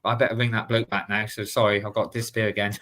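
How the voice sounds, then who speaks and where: A man's voice: lowish voice, level tone, fast talker, fairly bright tone. An English man in a casual livestream chat, greeting viewers by name and laughing often. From England.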